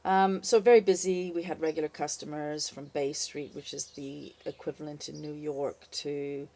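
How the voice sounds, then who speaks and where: Low-voiced older woman telling a bar story. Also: normal speed. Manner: lively, animated, wry storytelling with fillers. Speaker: storyteller, former bartender. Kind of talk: casual spoken anecdote.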